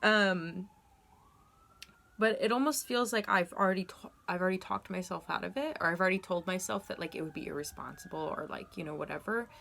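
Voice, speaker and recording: A woman's voice: on the low side, brisk, creaky, a bit bright. Rambling, candid woman reading tarot. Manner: rambling, candid, frequent ums and self-corrections. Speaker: tarot reader. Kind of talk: casual tarot reading to camera.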